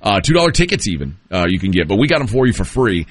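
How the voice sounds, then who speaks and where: A man's voice: on the low side, very animated, fast talker, slightly rough, no room sound. A man hosting a morning sports radio show, joking and reading aloud with asides. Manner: jokey, reads aloud with asides. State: has the hiccups. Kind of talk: casual morning radio banter.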